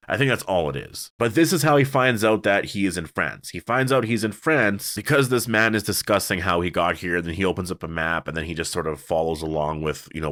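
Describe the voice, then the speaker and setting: A man's voice: deep voice, a bit bright, no echo, clean studio sound. A man casually reviewing a TV episode on his own, rambling with many fillers and restarts. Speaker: TV show reviewer.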